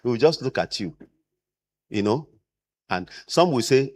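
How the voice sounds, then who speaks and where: A man's voice: medium pitch, unhurried. A man lecturing caregivers as a trainer and acting out the people he quotes. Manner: animated, acts out quoted people.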